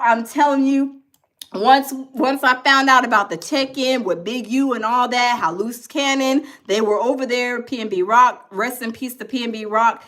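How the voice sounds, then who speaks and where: A woman's voice: a little high, a bit bright. A woman hosting a casual gossip livestream, talking animatedly and acting out other people's voices. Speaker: gossip show host.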